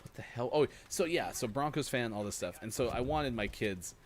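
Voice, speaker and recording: A man's voice: mid-range voice, lively intonation, normal speed, a little hiss or hum. A man in his thirties co-hosting a gaming morning show in casual chat, laughing often while telling anecdotes.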